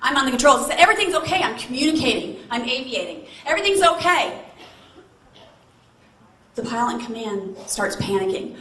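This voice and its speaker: Animated woman telling a story on stage. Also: high voice, moderate pace. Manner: animated, asks the audience questions. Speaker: motivational speaker. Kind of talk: keynote storytelling to a live audience. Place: large event hall. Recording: echoey hall with faint noise. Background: audience responses.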